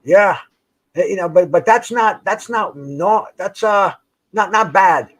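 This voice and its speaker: A man's voice: high voice, unhurried, fairly bright tone. An older man in casual chat, rambling and profane, stumbling over restarts as he talks outdoors by a dock on the water. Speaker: host.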